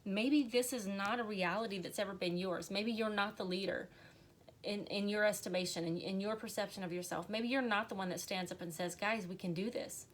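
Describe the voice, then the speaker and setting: A woman's voice: mid-range voice, a little fast. A woman giving an earnest, encouraging tarot reading on a live stream, on the verge of tears at times. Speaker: tarot reader.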